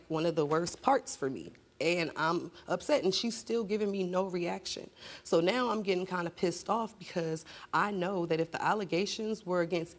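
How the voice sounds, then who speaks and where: A young woman with a fairly low-pitched voice speaks as a talk show guest on a studio stage. She tells her story in an upset, urgent way and turns sharp and confrontational when she argues back. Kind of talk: emotional personal account, then heated argument.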